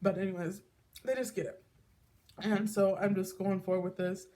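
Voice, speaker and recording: A woman's voice: medium pitch, fairly even intonation, moderate pace, warm tone, a little hiss or hum. A woman talking candidly in a personal vlog, rambling with lots of fillers and restarts, emotional enough to tear up. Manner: emotional, tearing up at times. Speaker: vlogger.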